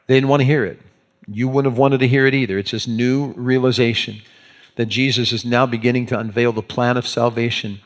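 A pastor preaching an animated sermon, acting out the scenes as he tells them. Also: medium pitch, brisk.

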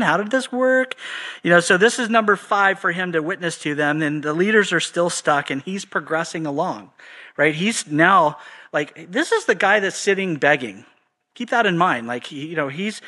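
Bright-voiced man teaching the Bible casually. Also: fairly high pitch. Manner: conversational, paraphrases scripture in everyday slang.

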